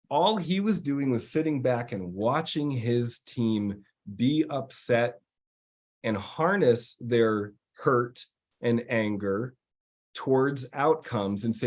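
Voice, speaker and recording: A man's voice: mid-range voice, unhurried. Rambling man coaching on a live stream. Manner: rambling storytelling with many fillers and restarts. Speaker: executive coach. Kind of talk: casual live-stream talk answering viewers.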